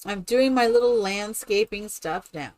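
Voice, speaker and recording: A woman's voice: mid-range voice, unhurried, a little mellow. A woman streaming a game live, chatting casually with viewers in a rambling, exclamatory way. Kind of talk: casual live-stream chat while playing.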